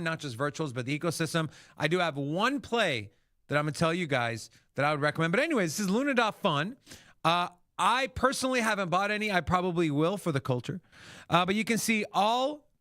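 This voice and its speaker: Crypto host dude, kinda high voice, hyped and cussing, super dry audio. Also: male voice, no room sound. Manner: casual, excitable, swears freely. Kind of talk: livestream market commentary.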